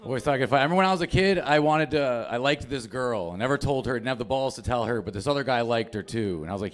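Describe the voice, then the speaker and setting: A young man telling stand-up stories in a loose, profane, offhand way. He sits at an ordinary middle pitch, chatting as if to friends. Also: rapid-fire, hardly any pauses. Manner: casual, profane, storytelling. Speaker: stand-up comedian. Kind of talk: stand-up comedy set.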